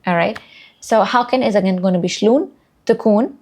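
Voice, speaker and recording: A woman who also speaks Urdu giving a casual, chatty language lesson, repeating words slowly and joking about herself. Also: medium pitch, a little mellow. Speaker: language learner teaching vocabulary.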